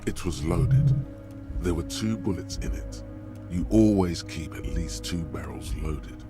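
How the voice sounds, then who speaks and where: A man voicing a brooding inner voice of the mind that narrates slowly and intensely. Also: deep voice, music in the background. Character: ominous male inner voice of the mind. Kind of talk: fan voice acting of a game.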